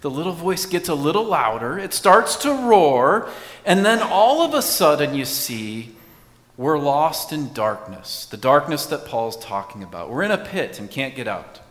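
A man's voice: on the high side, very animated, normal speed, a bit bright, long reverb tail. A man preaching a sermon in a conversational way, asking his congregation questions as he goes. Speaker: pastor.

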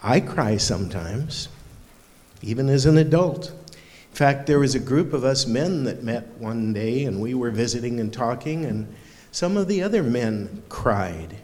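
Pastor guy doing a kids' sermon, slow and playful, bouncy pitch, church echo. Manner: warm, playful, talks to children with lively questions. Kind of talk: children's sermon. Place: church sanctuary. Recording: long hall reverb in a church.

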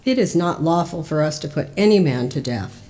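A church lector reading the lines of an angry crowd of accusers, louder and more forceful than the narration. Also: medium pitch, lively intonation, a little fast, close to an everyday voice. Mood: insistent. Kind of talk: liturgical Scripture reading.

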